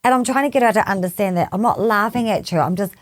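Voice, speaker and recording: A woman co-hosting a relaxed group chat about parenting, mid-pitched and animated. She laughs readily and talks openly, dropping in the odd swear word. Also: fast. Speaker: podcast co-host.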